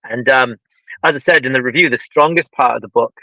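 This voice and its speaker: A man who reviews books, speaking as a livestream panel guest in a measured, thoughtful way. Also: mid-range voice, no echo, muffled recording. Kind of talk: casual chat.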